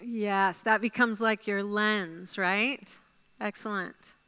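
A woman's voice: medium pitch, steady tone, slow, pushed and bright, smooth. A woman leading a Bible study class, drawing out answers and praising them with encouragement as she writes them up. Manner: encouraging, praises answers, thinks aloud while writing.

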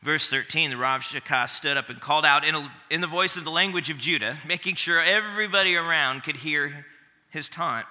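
A man's voice: fairly high pitch, brisk, bright, forceful tone, big-room sound. A man preaching a sermon in a conversational way, often repeating a word as he restarts a phrase. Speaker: pastor.

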